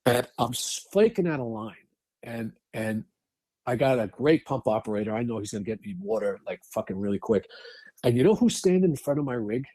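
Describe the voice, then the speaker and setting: Appearing as a guest on a casual podcast, a middle-aged actor and firefighter from New York swears freely, restarts often, and tells his stories bluntly. He speaks fairly quickly in a medium-pitched, dark-toned voice with lively intonation, and there's no room sound.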